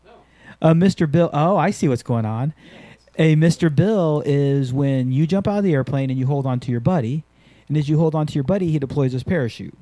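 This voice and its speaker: Dude telling stories on a podcast, swears a lot, warm low-key tone, dry close mic. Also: male voice, fairly quick, no echo. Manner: profane, animated storytelling. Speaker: podcast host and skydiving instructor. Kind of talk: casual podcast chat.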